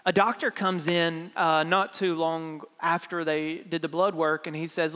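Young male pastor, storytelling sermon, acts out quoted lines, slightly high voice, long hall reverb. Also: flat delivery, measured pace, few pauses, sharp tone, clean tone. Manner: conversational, acts out quoted dialogue.

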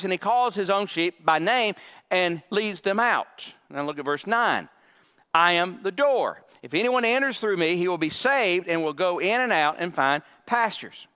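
A man preaching a sermon as pastor, emphatic, with dramatic pauses and dry joking asides. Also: high-pitched, fairly bright tone. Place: church sanctuary. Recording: long reverb of a large hall.

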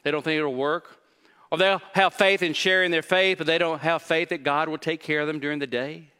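A male pastor delivers a sermon with emphatic, building intensity, leaning on repeated phrases. His voice sits a little high and sounds bright and forceful. It rings with the long reverb of a church sanctuary. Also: fairly even intonation, fairly quick, smooth. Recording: reverberant hall.

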